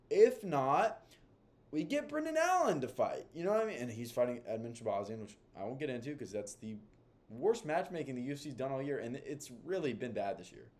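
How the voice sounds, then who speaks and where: A man's voice: medium pitch, a little mellow. Rambling man doing casual fight commentary. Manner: rambling, hedging, lots of fillers. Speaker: MMA commentator.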